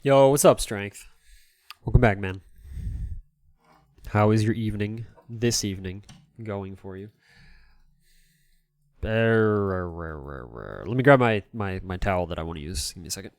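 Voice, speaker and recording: Low-voiced man rambling on a stream. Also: animated, measured pace, pauses often, dry recording, studio quality. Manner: rambling, self-deprecating, laughs often. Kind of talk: casual live-stream chat while cleaning a console.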